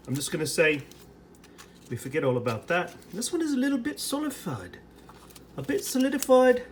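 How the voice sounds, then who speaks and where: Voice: medium pitch, a little hiss or hum. An American reviewer in a put-on British accent, giving a chatty running commentary while preparing and tasting ration food in a casual food vlog. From United States.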